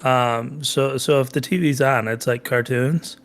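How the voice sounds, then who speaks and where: A man's voice: mid-range voice, steady tone, measured pace, creaky. A young man, a son co-hosting a family podcast with his father, chatting casually and a little stuffed up.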